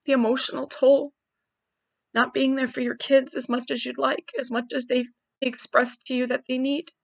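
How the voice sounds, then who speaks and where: A woman in her forties speaks in a high, gravelly voice with a level tone at normal speed, with no echo. She hosts a podcast, candidly thinking aloud in a searching, wry personal monologue.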